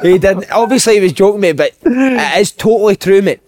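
A Scottish man in his thirties tells football stories in loose, casual podcast chat, swearing freely and dropping "mate" into nearly every line. His voice sits a little high for a man. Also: expressive, fairly quick, over a noisy crowd. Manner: swearing, storytelling, says "mate" often. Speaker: podcast host, former footballer.

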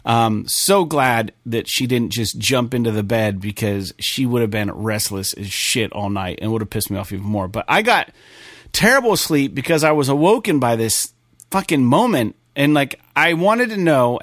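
A young adult man hosting a podcast, telling a story in a loose, swearing, animated way with many fillers. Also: medium pitch, normal speed, no room sound, clean studio sound. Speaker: podcast host. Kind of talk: casual podcast chat.

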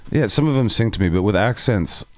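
A man's voice: fairly low pitch, animated, brisk, darkish tone, no room sound. A man hosting a casual podcast chat, joking around with crude humor and poking fun at himself. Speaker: podcast host.

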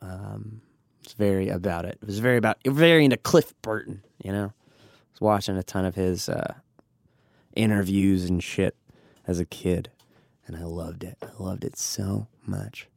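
A man's voice: low voice, moderate pace, creaky, no echo, studio quality. Profane, laughing man telling a story. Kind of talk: casual comedic storytelling.

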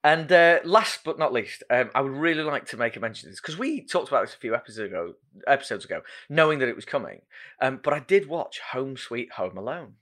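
A man's voice: mid-range voice, lively intonation, fairly quick, fairly bright tone. A man hosting a podcast, chatting casually with self-deprecating asides and plenty of ums. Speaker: podcast host. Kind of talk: casual chat.

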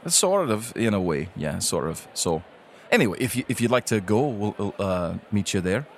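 A fretful dwarf king and doting father, played by a man, hesitant and stumbling over his words in a tabletop game. The voice sits low. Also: sing-song, moderate pace, slight background noise. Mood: friendly. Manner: hesitant, full of ums and uhs.

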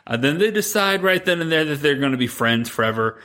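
A man co-hosting a podcast, retelling a movie plot in a rambling, animated way, quoting the characters as he goes. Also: a little high, fairly quick. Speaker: podcast co-host. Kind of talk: casual chat recapping a movie.

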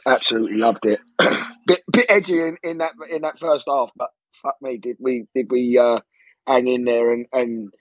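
A man calling into a fan show, his voice hoarse from shouting, talking in a heated, sweary way with stumbling repeats. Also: mid-range voice, moderate pace, no echo, rough recording. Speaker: caller. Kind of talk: casual phone-in chat.

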